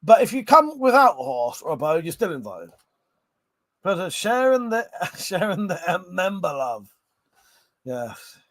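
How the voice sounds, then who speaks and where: A man hosting a late-night livestream, a little tipsy, chatting with viewers as he reads their comments. His slightly high voice swings up and down animatedly, with frequent laughter and casual swearing. The sound is close and dry. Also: very animated, unhurried, pauses often, fairly bright tone, no room sound. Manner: laughs often and swears freely. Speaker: livestream host. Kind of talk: casual live-stream chat reading viewer comments.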